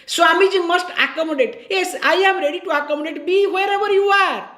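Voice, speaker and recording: A woman's voice: extremely high pitch, brisk, fairly bright tone, reverberant. A woman giving a spiritual discourse on scripture in a conversational way, often checking in with her listeners and repeating key phrases. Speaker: spiritual teacher.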